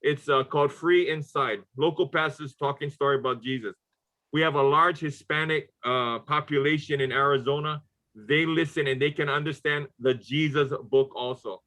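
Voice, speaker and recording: A man with a Hawaii Pidgin accent, a pastor telling lively stories on a video call through his laptop mic. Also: fairly high pitch, rough recording. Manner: lively storyteller mixing Pidgin and standard English. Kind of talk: casual talk on a video call.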